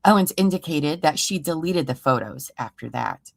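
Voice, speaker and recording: Low-voiced woman hosting a true crime stream. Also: lively intonation, normal speed, creaky, no echo. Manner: sarcastic, exasperated asides. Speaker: true crime livestream host. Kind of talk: reading a report aloud with sarcastic commentary. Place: home room.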